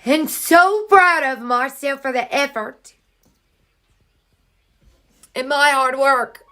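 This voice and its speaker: Woman, earnest spiritual monologue, heartfelt, unhurried, at home, faint background music. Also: high-pitched. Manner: earnest, heartfelt, drifting into soft singing. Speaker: vlogger sharing grief healing. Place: home, in her child's room.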